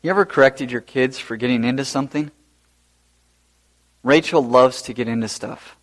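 A man preaching a sermon as pastor, animated and rising to loud emphasis. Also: mid-range voice, moderate pace.

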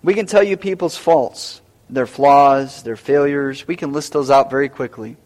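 A pastor delivers a sermon, his mid-range voice slightly mellow and at a normal pace. He speaks emphatically and keeps repeating key phrases.

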